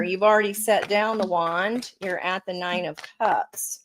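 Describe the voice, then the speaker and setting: A woman's voice: mid-range voice, steady tone, measured pace, hardly any pauses, background noise. A woman giving a casual tarot reading, chatty and encouraging, talking straight to her viewers. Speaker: tarot reader.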